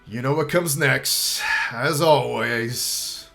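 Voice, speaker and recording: A young man talks to his viewers in a voice that is choked up and close to tears. His mid-range delivery halts, trails off and restarts, with casual swearing mixed in. Faint music plays softly underneath. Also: mid-range voice, gravelly. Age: young adult. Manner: emotional, halting, restarts and pauses, swears casually. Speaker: YouTuber. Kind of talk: heartfelt farewell talk to viewers.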